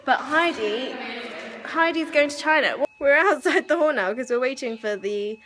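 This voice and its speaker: A woman's voice: high voice, animated, normal speed, fairly bright tone, slight background noise. A young woman chatting casually in a daily vlog, tired and a little out of breath, laughing often. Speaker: vlogger.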